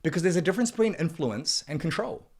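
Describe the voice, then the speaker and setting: A man's voice: on the high side, lively intonation, quick pace, a little mellow. A man giving a blunt, preachy motivational talk to men, swearing freely and pushing harder on key points. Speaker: men's coach narrating his book chapter. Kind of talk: motivational self-help reading.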